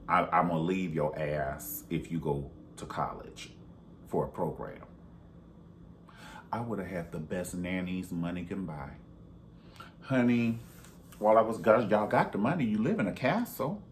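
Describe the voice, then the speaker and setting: A man casually reviewing a reality show, sassy and animated, jumping between high exclamations and low asides. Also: slight background noise. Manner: animated and sassy, with big pitch jumps and sudden whispers. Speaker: reality TV commentator. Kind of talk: casual commentary vlog.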